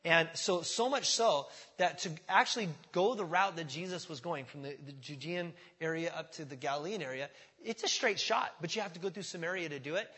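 Guy preaching a sermon, kinda husky, lots of "does that make sense", acts out the quotes, big echoey hall. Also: high voice, fairly bright tone. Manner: conversational, keeps asking "does that make sense?"; acts out voices in quoted dialogue. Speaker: pastor.

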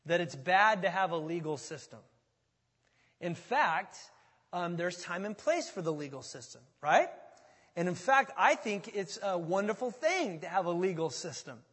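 In a large hall, a pastor with a high voice preaches a sermon, speaking conversationally and animatedly while joking with his congregation.

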